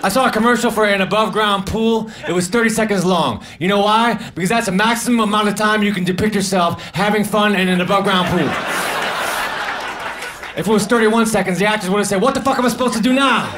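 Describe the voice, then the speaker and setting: A high-voiced man delivers deadpan one-liners and half-mumbled asides in a stand-up set. The live club recording carries clear audience noise and laughter underneath him. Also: fast talker. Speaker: stand-up comedian. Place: comedy club stage.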